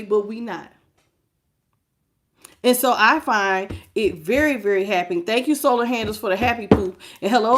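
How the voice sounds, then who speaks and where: There is a little hiss or hum as a woman does a live-streamed tarot reading and welcomes her viewers. Her delivery is preachy and emphatic, shifting between quiet murmurs and sudden loud bursts.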